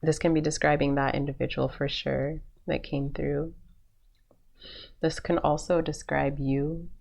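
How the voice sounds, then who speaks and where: A woman's voice: deep voice, flat delivery, unhurried, creaky, darkish tone. A woman doing a spiritual card reading for her viewers, speaking in a soothing, affirming way with lots of repetition and the odd laugh. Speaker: intuitive card reader.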